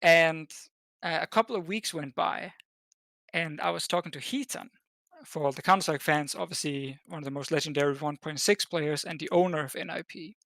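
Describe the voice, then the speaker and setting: A man's voice: on the high side, normal speed, vocal fry, fairly bright tone, dry recording. A man from Denmark, a podcast guest, telling a long story in a casual chat, full of fillers and restarts. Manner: rambling, with many fillers and restarts. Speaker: podcast guest, esports caster.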